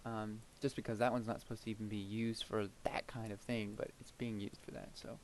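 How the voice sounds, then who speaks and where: A young man casually commentating his own gameplay, rambling and thinking aloud, often trailing off into quiet murmurs as he builds. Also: on the low side, level tone, brisk, slight background noise, rough recording. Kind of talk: casual let's-play commentary.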